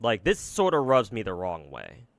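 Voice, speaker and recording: A man's voice: on the low side, huge pitch swings, normal speed, creaky, no echo. A man streaming and giving casual commentary on games, rambling and swearing a lot, with many fillers and restarts. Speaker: gacha game streamer.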